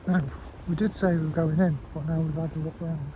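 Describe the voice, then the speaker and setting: A man's voice: fairly high pitch, level tone, brisk, lo-fi sound. A man rambling and swearing as he vlogs outdoors in a park at night, laughing often. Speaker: paranormal vlogger. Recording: heavy wind noise on mic outdoors.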